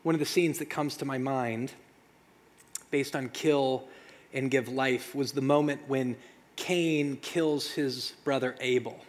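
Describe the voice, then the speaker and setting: A man preaching a sermon as pastor, talking conversationally with dramatic pauses and rhetorical questions. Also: medium pitch, steady tone. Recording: long reverb of a large hall.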